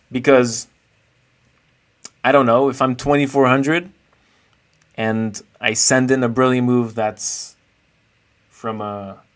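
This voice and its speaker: A man streaming live, chatting casually and playfully with his viewers while he rates chess games. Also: mid-range voice. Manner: chatty, playful, thinks aloud while searching.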